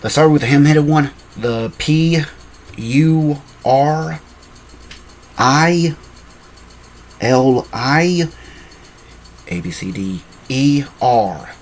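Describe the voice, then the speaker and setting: A man's voice: on the high side, expressive, extremely slow, pauses often. A man casually telling a fan-made story, rambling and often correcting himself with apologetic asides.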